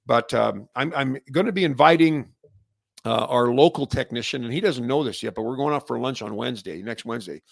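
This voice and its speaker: Gravelly Canadian man hosting an update. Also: medium pitch, brisk, no room sound, clean studio sound. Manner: rambling, many restarts and fillers; gets animated and louder when fired up. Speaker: host. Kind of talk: casual solo update.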